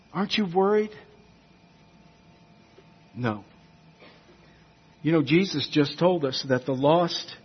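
A husky man delivers an emphatic sermon in a somewhat high voice. He swings from quiet, intimate lines to loud appeals. The recording sounds dull and lo-fi. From United States. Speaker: preacher.

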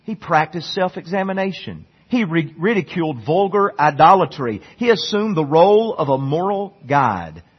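A preacher with a husky, slightly high voice delivers an earnest sermon. He climbs to loud, emphatic peaks and drops into soft, low stretches, repeating words as he gets going. The recording is dull and lo-fi. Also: big pitch swings, normal speed, hardly any pauses. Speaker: pastor.

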